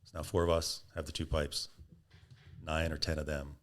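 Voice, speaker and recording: A man with a very low voice tells a story as a podcast guest. He talks casually and acts out the lines of the people in it. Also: moderate pace. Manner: animated, acts out quoted speech.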